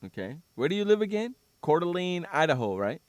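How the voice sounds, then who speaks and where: A man's voice: a little high, very animated, a little fast, dry recording. A man hosting a sports radio show in casual chat, teasing his co-host, joking and repeating himself. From San Diego.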